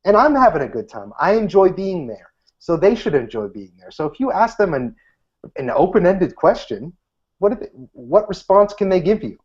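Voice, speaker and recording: Animated man in his thirties, dull recording. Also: sits high, normal speed. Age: 30s. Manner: animated, acts out quoted lines in a lifted voice. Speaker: magician guest. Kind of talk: casual interview answers.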